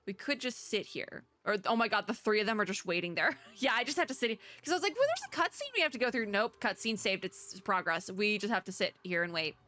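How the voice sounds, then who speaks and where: A young woman doing let's play commentary on a video game, animated and chatty, laughing to herself. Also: medium pitch, fairly quick, few pauses. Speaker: gaming YouTuber.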